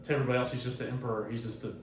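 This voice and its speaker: A man talking casually on a podcast, swearing freely and getting animated as he retells things. He sits back from the mic, so his voice carries a lot of room echo, with faint ambience underneath. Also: medium pitch, very fast, recorded from a distance, a little hiss or hum. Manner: loose, profane, animated retelling. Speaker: podcast host. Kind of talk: casual chat.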